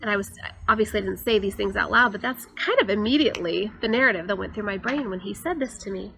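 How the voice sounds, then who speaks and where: A woman giving an earnest, confessional faith talk for her church, often pausing on fillers. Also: mid-range voice, gravelly, fairly bright tone, husky, rough recording. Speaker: church speaker.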